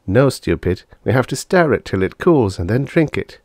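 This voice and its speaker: A man's voice: medium pitch, sing-song, moderate pace, darkish tone, no room sound, clean studio sound, voice pushed up. A man voicing a bossy young boy who plays scientist and talks in a blunt, dismissive way.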